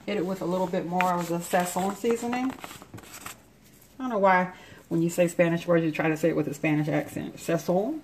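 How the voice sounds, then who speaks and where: A slightly low-voiced woman talks her way through a home recipe in a casual, chatty way, her mouth still numb from the dentist. Pots and dishes clatter around her in a noisy home kitchen. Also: steady tone, brisk. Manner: chatty, explains each step as she goes. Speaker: home cook. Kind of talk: casual cooking demonstration.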